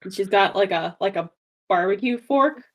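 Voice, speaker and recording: A woman casually introducing her tabletop game character in a relaxed, amused way. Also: mid-range voice, normal speed.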